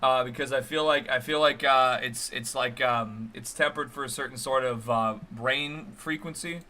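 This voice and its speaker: A man's voice: medium pitch, steady tone, moderate pace, sharp tone. A man hosting a live stream, reacting to a video with sardonic, dry commentary. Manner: sardonic, dry mocking remarks.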